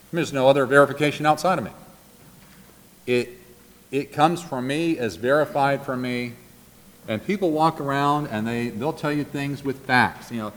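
A man teaching a Bible class from notes, earnest and deliberate, repeating and slowing down on key points. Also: medium pitch, fairly bright tone. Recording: long hall reverb, faint background noise.

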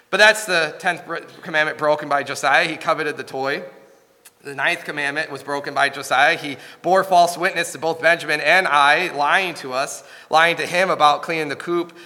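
A man in his thirties delivers a sermon, recounting a family story in an earnest, halting manner and restarting often. His voice is fairly high-pitched with a sharp tone, and the audio carries the sound of a big room.

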